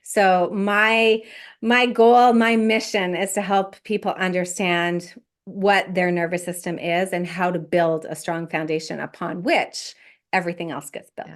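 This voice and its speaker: A woman guest on a podcast, a life coach explaining her work in a measured, step-by-step way. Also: on the low side, fairly even intonation. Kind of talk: explanatory interview talk.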